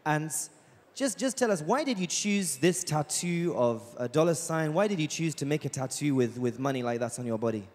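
A man's voice: a little high, animated, normal speed, a little mellow. Man interviewing in a reverberant hall. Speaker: church interviewer. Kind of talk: interviewing a guest and summarizing her answers.

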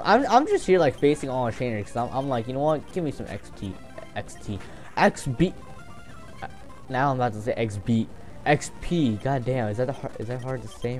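A young man talks through his game in loose, excitable commentary, swearing freely and cracking jokes to himself. His voice sits at an ordinary middle pitch. Faint game music plays under him. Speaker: gameplay commentator. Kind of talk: casual gameplay commentary.

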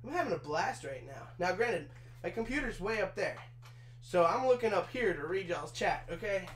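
A streamer in his twenties chats casually with his live chat while assembling a chair in a small room of his trailer, swearing now and then and hot and sweaty from the work. His voice sits high and sounds animated and fairly bright at normal speed. The room is echoey, with a faint hum.

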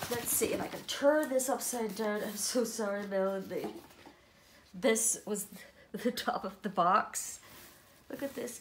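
A woman's voice: on the high side, reverberant, slight background noise. Gushing woman unboxing dolls. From Ireland. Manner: gushing, excitable, talks to viewers. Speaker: doll collector vlogger. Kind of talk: casual unboxing vlog.

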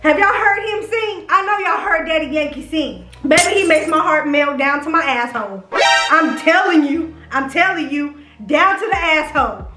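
A woman's voice: high-pitched, lively intonation, moderate pace, few pauses, bright, forceful tone. A young woman, chatting on a vlog about who she would date, gushing and profane as she teases her viewers. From Houston, Texas. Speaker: vlogger. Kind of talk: casual chat, smash-or-pass reactions. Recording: echoey room, faint music.

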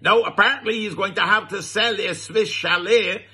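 A man's voice: high voice, moderate pace, pushed and bright, husky. A man with a Barbadian accent giving comic satirical commentary, chuckling and mock-scandalized, drawing out his words. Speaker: radio comedy commentator.

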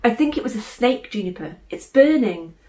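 A woman voicing an indignant, excitable young boy in a storybook reading. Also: medium pitch, fairly quick, recorded from a distance, natural voice. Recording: roomy room echo.

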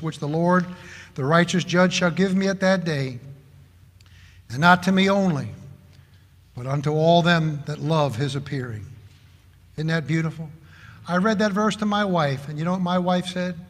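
A man preaching a sermon, telling animated stories and acting out the people he quotes. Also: fairly high pitch, long reverb tail. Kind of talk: sermon with anecdotes.

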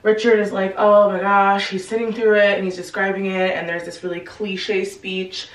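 A young woman in her twenties who runs a book channel casually retells a novel's plot, chatty and full of slang. Her mid-range voice moves little in pitch and keeps a normal speed, and the recording sounds roomy, with her distant from the mic.

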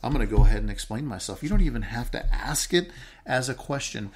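A man co-hosting a casual podcast chat, explaining his ideas through work stories. Now and then he slows right down into a low, calm, downward-falling voice to show it off. His voice sits at an ordinary pitch for a man. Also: husky. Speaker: podcast co-host.

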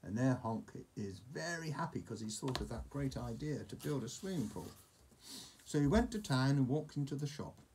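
A man's voice: medium pitch, expressive, moderate pace, darkish tone, slight background noise. A man reading a picture book aloud to a child, with playful, chatty asides.

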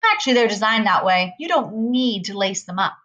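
A woman's voice: medium pitch, lively intonation, brisk, sharp tone, muffled recording. A woman reading aloud, voicing a smug, giggly male shoe store manager.

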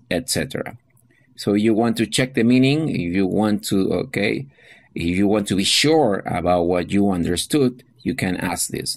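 A man's voice: lowish voice, expressive, normal speed. A man teaching an English class, walking students through a workbook and often checking in with "okay?" and "all right?". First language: Spanish. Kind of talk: classroom explanation of a textbook lesson.

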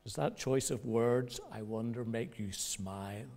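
A male pastor preaching a sermon in a measured way, pausing for effect and rising in pitch when he quotes others. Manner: measured preaching with dramatic pauses; rises in pitch and loudness when quoting voices. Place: church.

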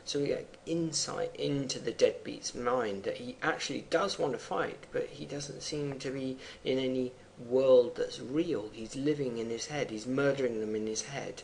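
A man with a gravelly voice, the pitch sitting in the middle for a man, talks a class through a poem, stopping to reread lines and explain words as he thinks aloud. Soft background noise runs under the recording. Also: fairly even intonation, normal speed, few pauses. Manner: unscripted, thinking aloud with fillers between readings. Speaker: teacher.

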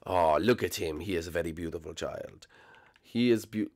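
A man hosting a building game video, teasing his friends playfully, with sudden jumps in pitch and loudness. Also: a little fast. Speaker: gaming channel host. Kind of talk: casual gameplay commentary.

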